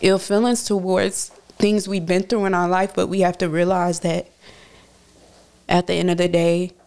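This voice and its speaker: A woman's voice: on the low side, flat delivery, normal speed, a little mellow. A woman guest on a podcast, a rapper from Jamaica, talking earnestly and from the heart. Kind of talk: casual chat.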